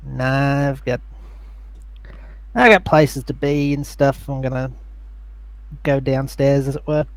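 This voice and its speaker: A man's voice: medium pitch, steady tone, slow, pauses often, no room sound. A man playing a tabletop role-playing game, talking in character with a laid-back, wry manner. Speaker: player.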